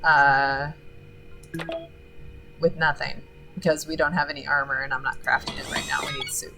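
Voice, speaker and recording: A woman's voice: deep voice, steady tone, normal speed, over music, poor audio. A woman streaming a game, chatting casually and reading the game's text aloud as she thinks through her choices. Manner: chatty, thinking aloud with fillers between read-out passages.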